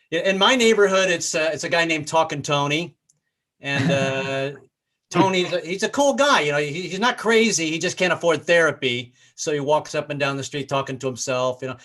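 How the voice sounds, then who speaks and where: A man's voice: a little high, animated, moderate pace, fairly bright tone. A man from the American South doing a live-streamed stand-up set from his apartment, stammering through restarts. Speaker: stand-up comedian.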